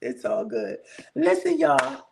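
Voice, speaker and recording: Gravelly high-voiced woman in her 60s. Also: huge pitch swings, background noise. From southern United States. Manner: chatty, laughs often, drawn-out thanks. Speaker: livestream host. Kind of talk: casual live chat greeting viewers.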